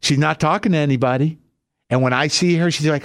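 A man hosting a podcast, telling a profane, ranting comic story in an animated way. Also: on the high side, a little fast, dry recording, clean studio sound. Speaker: podcast host. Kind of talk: comic monologue.

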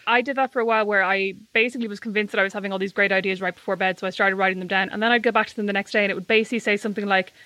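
A woman co-hosting a podcast, bantering quickly and teasingly in casual conversation. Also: mid-range voice, steady tone, pushed and bright, dry recording. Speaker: podcast co-host. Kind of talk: casual chat.

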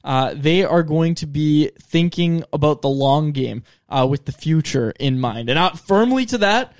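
Male podcast co-host, higher-pitched, dry close-miked sound, casual and wry. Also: animated, a little slow, dry recording. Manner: reads news items aloud, dry asides. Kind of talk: casual sports podcast chat.

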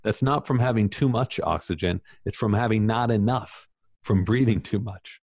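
A man with a low voice talks about his book in a casual interview, animated and emphatic, and now and then he pokes fun at himself. The recording is dry and close, with no room sound. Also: moderate pace, breathy edge, no room sound. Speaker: author guest.

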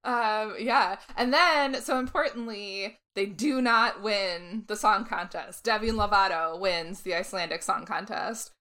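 Woman, podcast co-host, casual chat, bright tone, chatty, laughs a lot. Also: medium pitch. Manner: chatty, quick asides, frequent laughter.

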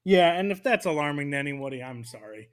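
A young man from the United States riffs on his team in a loose, joking podcast chat. His voice sits a bit high, and he speeds up and swings his pitch when a bit takes off. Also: fast talker, noisy background. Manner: animated, joking, jumps between voices for bits. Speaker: podcast co-host. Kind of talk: casual sports chat.

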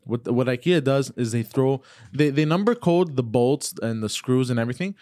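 A man's voice: medium pitch, moderate pace, no echo, studio quality. A man from a Greek family on a comedy podcast, telling rambling stories and defending himself. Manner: lively, rambling, defensive storyteller. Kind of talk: casual comedic banter.

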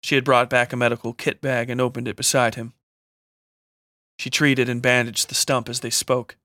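A man narrates a scripted horror story with steady, measured pacing. His voice is mid-pitched and bright with a forward edge. The recording is dry and close, with no room echo. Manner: steady, measured dramatic reading.

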